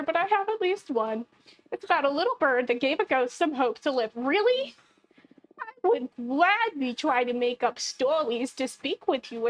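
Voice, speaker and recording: A young woman streamer reading game dialogue aloud, often breaking into giggles. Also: sits high. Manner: giggly, keeps breaking into laughter while reading.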